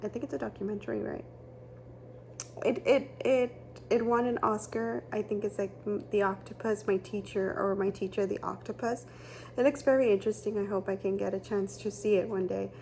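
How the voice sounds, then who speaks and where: A woman's voice: medium pitch, steady tone, fairly quick, vocal fry, warm tone, slight background noise. A woman giving a casual tarot reading, rambling and chatty with many fillers and restarts. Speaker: tarot reader.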